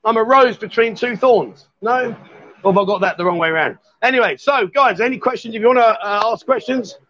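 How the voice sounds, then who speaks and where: Man, high voice, jokey live-stream host in a bar, dull lo-fi sound. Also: a little fast, fairly bright tone. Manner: jovial, teasing banter. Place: bar, indoors.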